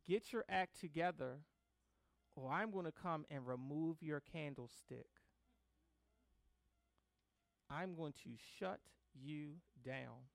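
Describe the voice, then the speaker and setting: A man delivering a sermon in a high, smooth, resonant voice. He reads scripture in slow, measured phrases, then builds to emphatic preaching with casual asides. The sound is dry and close. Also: a bit bright, no echo. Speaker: pastor.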